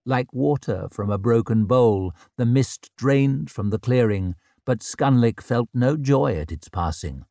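Slow male storyteller, grave and measured, lively pitch, dry close sound. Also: vocal fry, dry recording. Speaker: narrator. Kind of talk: dramatic fantasy audiobook narration.

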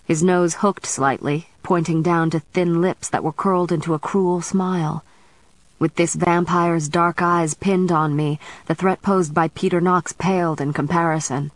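A woman narrating a novel in the first person as an audiobook reader, in a steady, measured storytelling manner. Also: lowish voice, dry recording, rough recording.

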